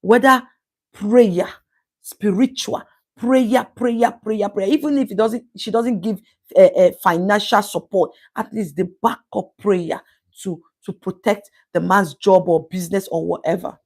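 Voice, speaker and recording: A woman's voice: medium pitch, unhurried, darkish tone. Emphatic Nigerian woman streaming live. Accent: Nigerian English. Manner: emphatic and preachy, repeating words for stress. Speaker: livestream host reading viewer comments. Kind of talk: casual live-stream talk.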